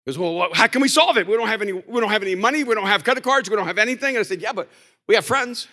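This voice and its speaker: A male pastor preaching at a conference, his voice high and bright with a forceful edge. He tells stories, sometimes quiet and sometimes shouting. The sound rings with the long reverb of a big hall. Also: expressive, rapid-fire. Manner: storytelling, shifts between soft and shouted. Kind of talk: conference sermon.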